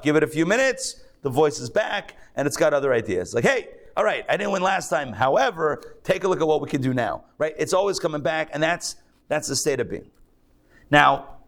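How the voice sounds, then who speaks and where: A man, a rabbi, giving a conversational, joking lecture to a live class, thinking aloud and restarting his sentences. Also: a little high. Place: synagogue class.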